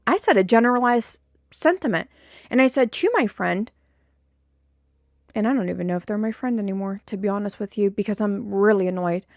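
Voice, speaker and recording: A woman's voice: mid-range voice, a little fast, a little mellow, no room sound, clean studio sound. A young woman hosting a podcast, venting a long story to her listeners, indignant and repeating herself, rising to exasperated peaks. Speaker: podcast host.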